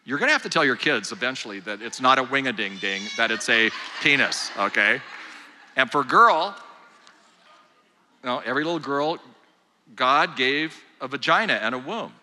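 An older man addresses a crowd of mothers in a loose, joking way, turning to them with questions and asides. His voice is very bright and forward. The sound rings with the long reverb of a large hall. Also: medium pitch, expressive, normal speed, a little hiss or hum. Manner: conversational and joking, engages the audience directly. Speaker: speaker at a mothers' group. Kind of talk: live talk to an audience. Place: large hall with live audience.

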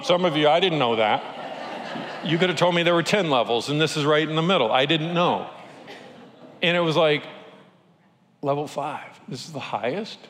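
A pastor preaching a sermon, telling a personal story with animated, self-deprecating humor. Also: male voice, on the high side, a little hiss or hum. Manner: animated, self-deprecating, acts out quoted voices. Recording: long hall reverb.

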